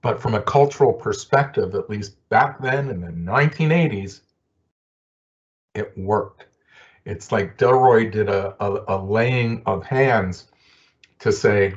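An older man and social worker giving a conversational talk with stories, often pausing on fillers. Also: on the low side, muffled recording. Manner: storytelling, conversational with frequent fillers. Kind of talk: recorded professional talk.

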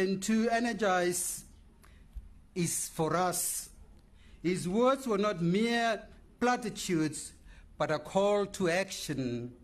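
A man delivering a formal eulogy speech in a measured, oratorical manner. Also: high voice. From Namibia. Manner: measured, oratorical, lists words with pauses. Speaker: memorial speaker.

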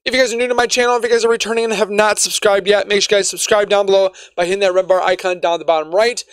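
Casting: male gaming YouTuber, high smooth voice, chatty and rambling, dry close recording. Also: steady tone, racing, dry recording, soft background music. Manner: chatty and rambling, trips over words. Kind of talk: casual gaming news vlog.

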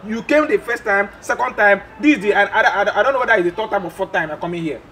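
Fast-talking man matchmaker. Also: high-pitched, bright, forceful tone, a little hiss or hum. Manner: pleading and exasperated, repeats himself. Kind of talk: comedy skit acting.

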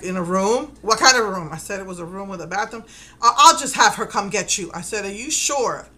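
Chatty bright-voiced woman retelling her day. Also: mid-range voice, low-quality recording. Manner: chatty, retelling events with quoted dialogue and nervous laughs. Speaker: mother. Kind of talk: casual personal vlog storytelling.

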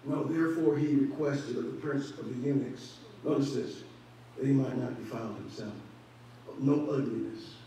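A male pastor preaches a sermon in a church sanctuary, building emphasis and posing rhetorical questions. His medium-pitched voice is dark, with fairly even intonation and a moderate pace. A distant mic picks him up in the echoey church hall.

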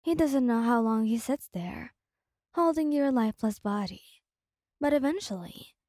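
A woman narrates a second-person ASMR story in a soft, unhurried way. Her voice sits a touch high yet sounds mellow and dark in tone, recorded dry and close. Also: expressive, no room sound.

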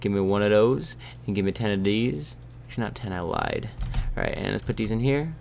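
A young man plays a game for his YouTube channel, his fairly low, creaky voice moving at a brisk clip. The goofy commentary rambles, breaking into shouts and whispers, picked up on a close desk mic with slight background noise.

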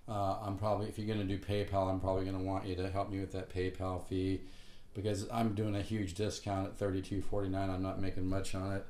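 A man's voice: low voice, completely flat delivery, fast talker, dark tone. A man giving a casual guitar lesson, talking in a loose, rambling way with restarts. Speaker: guitar teacher. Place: home room near the beach. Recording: guitar playing clearly under the voice. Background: guitar playing.

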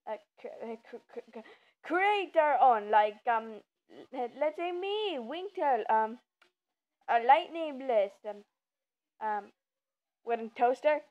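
A woman with a high-sitting, lively voice talks slowly as she plays a game, giving casual, rambling commentary and stumbling over her words with lots of ums. The recording is muffled and lo-fi, with faint game music.

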